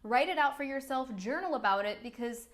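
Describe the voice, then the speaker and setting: A woman's voice: sits high, animated, a little fast. A young woman, a business coach, giving an upbeat, chatty talk full of "like"s. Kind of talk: live-streamed coaching talk.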